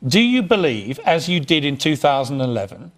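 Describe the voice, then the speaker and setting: A man's voice: on the high side, very animated, normal speed, a bit bright. A middle-aged man from England hosting a TV interview, firm and challenging, cutting in with pointed questions. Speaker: TV host. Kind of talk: confrontational interview.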